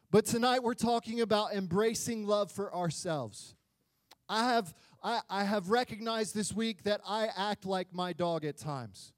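A male pastor preaching a sermon in an animated, joking way, swinging between loud bursts and quiet stretches. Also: high-pitched, no echo.

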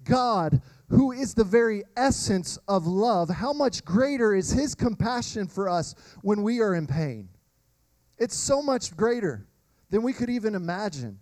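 A man preaches a sermon in a high, bright voice. He tells lively personal stories and talks straight to the congregation. The sound is dry and close, with no room echo. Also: measured pace. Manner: animated storytelling, addresses crowd as y'all. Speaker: pastor.

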